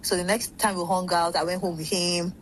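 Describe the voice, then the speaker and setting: A woman's voice: on the low side, flat delivery, fairly quick, a little hiss or hum, poor audio. A young woman telling a long gossip story in casual chat, rambling and blunt, swearing freely.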